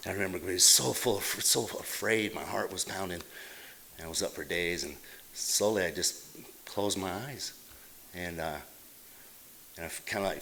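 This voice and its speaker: A middle-aged man from Utah telling his recovery story at a meeting, halting and plain-spoken, with many fillers and restarts. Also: low voice, vocal fry, pushed and bright, a little hiss or hum. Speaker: AA meeting speaker. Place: meeting hall.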